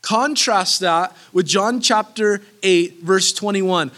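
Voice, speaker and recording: High, bright-voiced earnest preacher man. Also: takes it slowly. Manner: earnest and emphatic, repeats key phrases; casual asides that break into laughter. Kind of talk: sermon, verse-by-verse Bible teaching.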